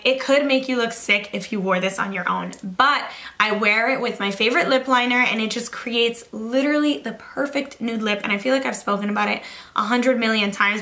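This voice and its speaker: A young woman talks fast and casually through her favorite products for a makeup vlog, her voice sitting a little high. The tone is bright and forward. She gushes, leans on "like" and "literally", and sounds a touch out of breath. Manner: chatty and gushing, heavy use of "like" and "literally". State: slightly out of breath. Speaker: beauty vlogger.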